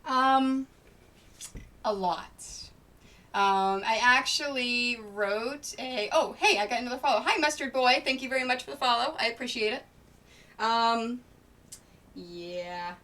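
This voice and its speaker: A woman's voice: fairly high pitch, unhurried, long pauses, sharp tone. A woman quilter chatting casually on a live stream as she sews, thinking aloud and greeting viewers by name. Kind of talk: casual live-stream chat while sewing. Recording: distant mic with faint noise.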